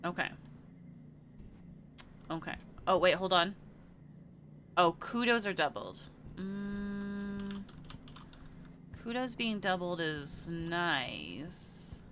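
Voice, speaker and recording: A woman's voice: on the low side, expressive, very slow, long pauses, fairly bright tone, slight background noise. A woman streamer chatting casually while playing a video game, thinking aloud and trailing off into murmurs. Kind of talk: casual let's-play commentary.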